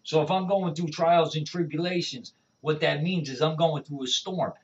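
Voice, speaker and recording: Man with a higher voice giving an animated faith testimony; sounds far off the mic, dull and lo-fi. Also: normal speed. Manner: animated storyteller, repeats "all right?". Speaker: evangelist guest. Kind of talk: conversational testimony.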